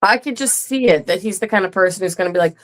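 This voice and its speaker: A woman's voice: mid-range voice, fast. A woman co-hosting a podcast, chatting casually and bluntly about a TV episode, swearing freely. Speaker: podcast co-host. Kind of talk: casual recap chat.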